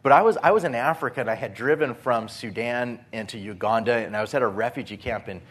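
Man preaching, animated storyteller. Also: medium pitch, quick pace, slightly rough. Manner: animated storytelling, acts out his own panic. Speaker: pastor. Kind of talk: sermon.

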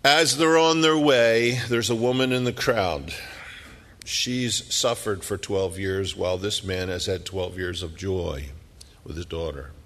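A middle-aged man preaching a sermon, telling the story dramatically and dropping at times to hushed whispers. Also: low voice, unhurried, big-room sound.

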